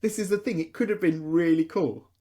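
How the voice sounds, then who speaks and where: A man's voice: fairly high pitch, a little fast, mellow. A man co-hosting a casual podcast, speaking hesitantly with many fillers. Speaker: podcast co-host.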